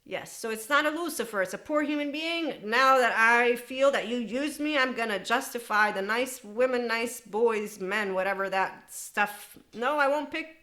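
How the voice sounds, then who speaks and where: A middle-aged woman hosting a podcast, talking in an animated, unscripted monologue, laughing often and slipping into quoted voices. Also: a little high, normal speed, hardly any pauses. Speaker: podcast host.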